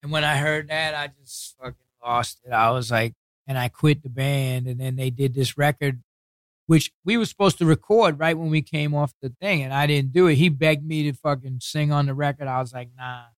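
A man's voice: on the high side, smooth, dry recording. A man with a New York accent, a guest telling stories from his past in a casual interview. He swears heavily and talks bluntly, acting out what other people said. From New York City. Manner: heavy swearing, blunt street talk; acts out others' words in quick retellings.

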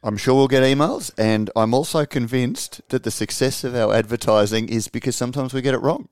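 A man's voice: medium pitch, brisk, darkish tone, clear, resonant tone, no room sound, studio quality. A man co-hosting a beer news podcast, rambling casually with many ums and easy laughs. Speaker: founder and editor, podcast co-host.

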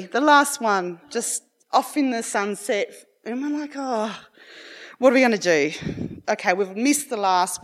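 A middle-aged woman telling a long personal story in a rambling, animated way, acting out the voices of her family. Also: on the high side. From Australia.

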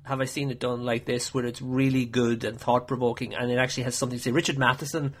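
Enthusiastic man, mid-pitched voice. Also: flat delivery, fast. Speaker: podcast guest. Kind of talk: casual chat.

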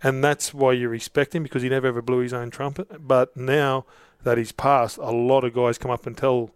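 Speaking briskly in a flat, medium-pitched voice, this middle-aged Australian interview guest spins casual anecdotes that keep restarting and wandering. The tone is clean, with no room sound.

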